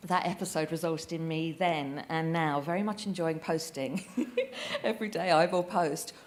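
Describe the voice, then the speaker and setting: A woman's voice: low-pitched, steady tone, moderate pace. A woman speaking at a live event, sarcastic and sweary, laughing often as she talks. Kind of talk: comic stand-up style talk. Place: event hall with audience. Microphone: handheld mic.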